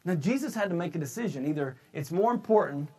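High-voiced preacher, shouting then casual. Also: male voice, lively intonation, fast talker, breathy edge. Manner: shouts emphatic points, then drops into casual storytelling; loose, conversational retelling with frequent restarts. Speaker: pastor. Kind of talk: sermon.

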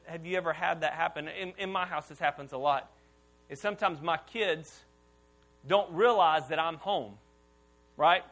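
A man in his thirties preaching a sermon as pastor to a church congregation, casual and animated, leading the room in call-and-response. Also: high voice. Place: church auditorium before a congregation.

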